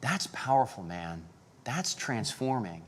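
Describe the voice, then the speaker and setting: A man co-hosting an interview, who thinks aloud in a halting, reflective way with frequent fillers. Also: medium pitch, big pitch swings, slight background noise. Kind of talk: conversational interview.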